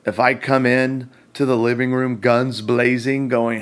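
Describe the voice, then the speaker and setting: A man's voice: mid-range voice, level tone, measured pace, few pauses. A man hosting a faith-based marriage talk, telling a story with acted-out quotes and self-deprecating humor. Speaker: host.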